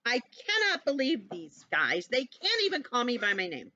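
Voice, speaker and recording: A cross little male koala from a storybook, as a woman reads him aloud, griping that everyone keeps calling him a bear. His voice sits high, swoops up and down, and his complaints come slowly. The sound is dull and lo-fi, recorded close and dry. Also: huge pitch swings, sharp tone, slight background noise, exaggerated voice. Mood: indignant. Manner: indignant, complaining. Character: grumpy male koala fed up with being called a bear.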